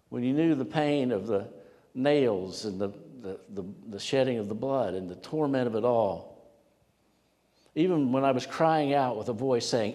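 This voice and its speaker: A man preaching a sermon, earnest, swinging from loud emphasis down to near whispers. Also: mid-range voice. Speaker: pastor. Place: church sanctuary. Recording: long hall reverb.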